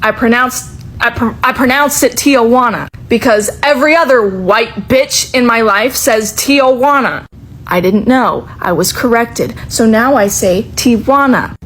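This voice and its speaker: Woman, high voice, casual vlog rant, exasperated, profane, loud outbursts. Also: unhurried, a little hiss or hum, low-quality recording. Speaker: social media creator.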